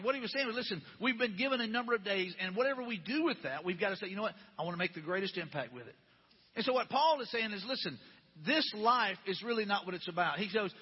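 A man's voice: sits high, lively intonation, quick pace, breathy edge. A man preaching a conversational sermon, asking his listeners one question after another. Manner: conversational, repetitive rhetorical questions. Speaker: pastor. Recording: dull lo-fi recording with long hall reverb.

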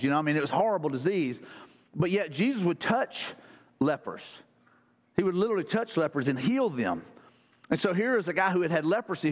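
High-voiced pastor preaching in a hall. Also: male voice. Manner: casual, conversational preaching with fillers. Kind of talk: sermon. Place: church sanctuary.

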